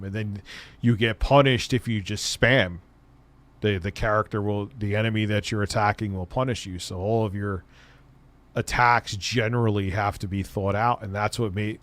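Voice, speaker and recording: A man's voice: fairly low pitch, fairly bright tone. A man hosting a casual livestream, chatting with viewers in a rambling, enthusiastic way and swearing freely. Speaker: streamer host.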